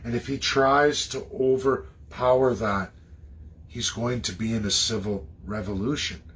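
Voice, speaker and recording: A man from Canada delivering an impassioned political rant, firing off rhetorical questions and swinging into high, mocking tones. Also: fairly even intonation, a little slow, a bit bright, a little hiss or hum. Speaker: political commentator.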